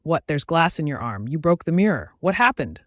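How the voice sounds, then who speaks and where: A man's voice: on the high side, big pitch swings, fairly quick, no echo, studio quality. A man voicing an angry young werewolf alpha. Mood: shouting.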